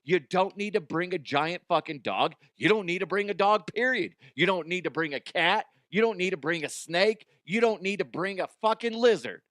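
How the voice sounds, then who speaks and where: Brief: foul-mouthed comedy news host, somewhat high voice, dry close sound. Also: male voice, expressive, moderate pace, hardly any pauses, fairly bright tone, no room sound. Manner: crude, ranting, mocking, breaks into silly voices. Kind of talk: profane comedic news commentary.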